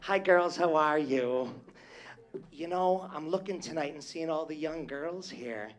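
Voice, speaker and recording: A male entertainer works the crowd from the stage at a live venue, bantering in a flamboyant, teasing way and constantly calling everyone "darling." His voice is fairly high and unhurried.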